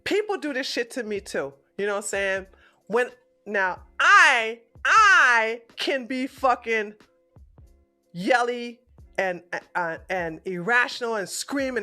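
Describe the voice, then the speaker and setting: A woman's voice: fairly high pitch, animated, a little slow, sharp tone, soft background music. A woman streamer giving blunt, casual commentary on a political clip, swearing freely and talking animatedly.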